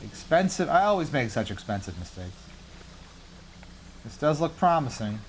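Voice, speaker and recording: Speaking at normal speed in a mid-range voice, a man gives casual live commentary on a game he's streaming, animated and jokey as he talks to himself and mocks his own errors. A little hiss or hum sits under the recording.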